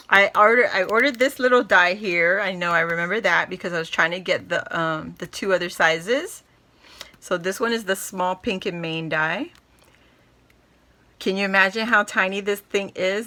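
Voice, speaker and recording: A woman vlogger unboxing a craft haul in casual chat, gushing and excitable, laughing often. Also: medium pitch, a little hiss or hum.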